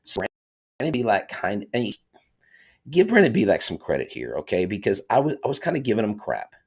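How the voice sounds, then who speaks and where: Deep-voiced excitable sports host. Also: male voice, fairly quick, husky. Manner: excitable and chatty, reads viewer comments aloud. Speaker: podcast host. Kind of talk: live-stream sports talk.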